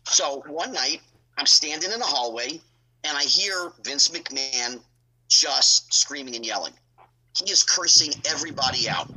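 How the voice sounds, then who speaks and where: A middle-aged man telling stories as a podcast guest, animated and acting out other people's lines in his own telling. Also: fairly high pitch, moderate pace, husky, rough recording. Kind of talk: casual storytelling.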